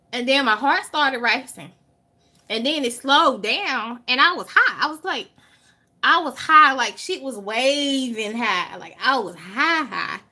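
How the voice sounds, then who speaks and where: A woman with a Southern US accent, a vlogger telling a story to her viewers in an animated way, drawing out words for emphasis and swearing freely. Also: a little high, takes it slowly, husky. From Alabama.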